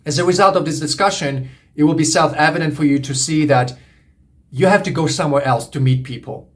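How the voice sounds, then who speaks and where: Man, relationship coach, earnest emphatic lecture, slightly raised pitch, repeats key points. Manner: earnest, repetitive, emphatic teaching. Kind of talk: monologue lecture to camera.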